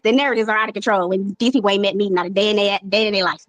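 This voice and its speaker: A woman's voice: mid-range voice, steady tone, racing, no room sound. A woman from Compton chatting in an interview, laid-back and peppering her talk with "you know what I'm saying". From Compton, California. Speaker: interview guest. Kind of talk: casual interview chat.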